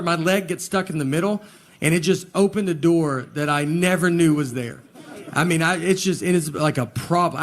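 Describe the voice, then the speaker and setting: A man, telling stand-up stories in a drawling, deadpan way before a laughing audience. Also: a little high. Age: 40s. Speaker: stand-up comedian. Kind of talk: stand-up comedy set. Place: live venue with laughing audience.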